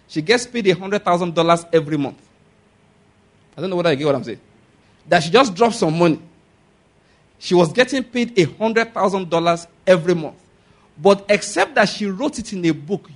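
A man preaching a sermon, asking the congregation for amens and whether they follow. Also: sits high. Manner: animated preaching with call-and-response questions. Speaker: pastor.

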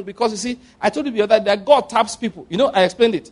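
A man with a fairly high voice delivers a conversational sermon. He repeats phrases for emphasis and moves between hushed, intimate stretches and louder, pressing ones. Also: rapid-fire. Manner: repeats phrases for emphasis, swings from soft to loud. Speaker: preacher.

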